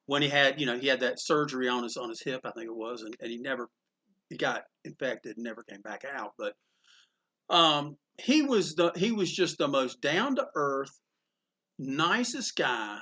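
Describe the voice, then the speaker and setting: Comic shop owner, man, bright tone, rambling anecdotal storyteller, frequent restarts. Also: mid-range voice, expressive, moderate pace. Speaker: comic book store owner.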